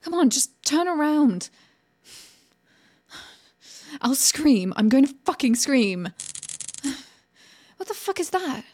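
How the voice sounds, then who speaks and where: A woman voicing a sharp-tongued young woman in an adult audio role-play, sarcastic at first, later stammering and pleading. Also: high voice, animated, normal speed.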